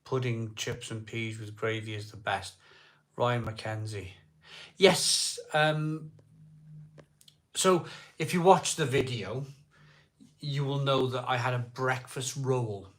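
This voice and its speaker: A man's voice: mid-range voice, takes it slowly, long pauses. A middle-aged man from South Wales with a Welsh accent, casually chatting on a live beer-drinking stream and answering viewers' comments in a jokey way.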